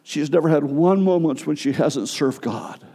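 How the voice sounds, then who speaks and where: A middle-aged male pastor preaching a sermon, telling a personal story with emotion and halting restarts. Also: fairly high pitch, mellow. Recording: long hall reverb.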